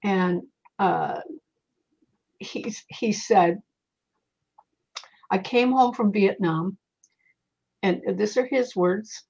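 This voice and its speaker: A woman guest speaking as a psychic, telling lively stories in casual conversation and acting out the voices in them. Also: medium pitch, very slow, creaky, long pauses, breathy edge. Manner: animated, quotes voices in her stories. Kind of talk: conversational storytelling. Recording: muffled lo-fi audio.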